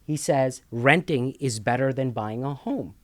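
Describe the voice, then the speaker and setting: On a dry recording, a male co-host of a casual talk show speaks at an unhurried pace and medium pitch. He explains money matters with emphasis, repeating himself and asking "okay?" frequently.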